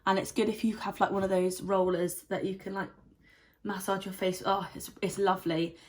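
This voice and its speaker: A woman's voice: mid-range voice, little pitch movement, moderate pace, darkish tone. A young woman giving a casual beauty product review, chatty and rambling with lots of "like" fillers. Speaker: beauty vlogger.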